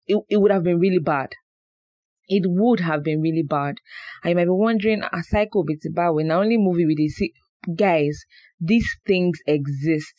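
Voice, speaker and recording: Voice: medium pitch, darkish tone, no room sound, lo-fi sound. A podcast host with a Nigerian accent talking to listeners in a chatty, playful monologue, often repeating words for emphasis. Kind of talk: casual monologue.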